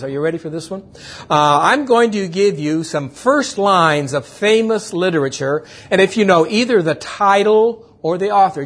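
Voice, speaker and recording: A man preaching a sermon, reading scripture in a measured way and quizzing his congregation playfully. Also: on the high side, fairly bright tone, slightly rough. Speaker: pastor.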